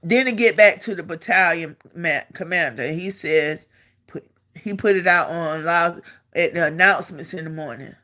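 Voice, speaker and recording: Middle-aged lady vet telling a story to camera, bright sharp voice, keeps repeating herself, laughs a lot. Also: lowish voice, moderate pace. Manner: animated, repeats herself, laughs as she talks. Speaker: army veteran telling a story.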